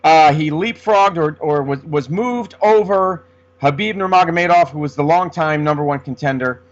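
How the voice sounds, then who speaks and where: A man's voice: on the high side, moderate pace. A man co-hosting a casual sports podcast, rambling with many restarts. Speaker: podcast co-host. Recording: dull lo-fi sound.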